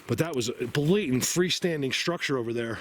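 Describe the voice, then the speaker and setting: A man vlogging outdoors in a snowy forest, emotional and awed, rambling and sometimes dropping to a hushed voice. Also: medium pitch, a little fast, slight background noise. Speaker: vlogger exploring the woods. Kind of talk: excited outdoor vlog narration.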